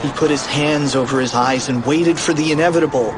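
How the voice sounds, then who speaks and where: A man narrating a children's audiobook in an animated, expressive read. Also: on the high side, brisk, noisy background.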